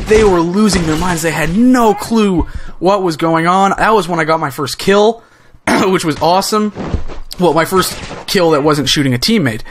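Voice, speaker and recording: A young man tells a story in a relaxed, casual way. His voice sits a little on the high side, and he gets more and more excited as he rambles along. He keeps stumbling over fillers and restarting his sentences. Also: moderate pace, background noise. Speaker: gaming channel host.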